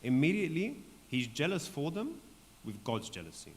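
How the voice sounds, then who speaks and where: A man leading a Bible study for a group in a church hall, talking conversationally and often checking in with "right?", his voice going hoarse. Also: fairly high pitch, wildly swooping pitch, moderate pace. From Australia. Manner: conversational, keeps asking "right?". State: voice going hoarse, clearing throat. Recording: long hall reverb, faint background noise.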